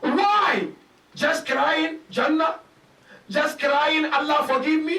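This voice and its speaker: A man preaching a sermon in a large mosque hall, emphatic and rising to shouted peaks, counting out his points and asking rhetorical questions. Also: very high-pitched, slow pace. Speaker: sheikh giving a lecture. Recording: echoey hall, speaker far from mic.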